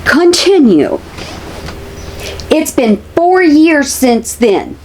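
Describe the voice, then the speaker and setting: A woman's voice: high voice, very animated, drawn-out words, darkish tone, a little hiss or hum. A woman, chatting casually to her viewers as a commentary vlogger, repeating herself for emphasis.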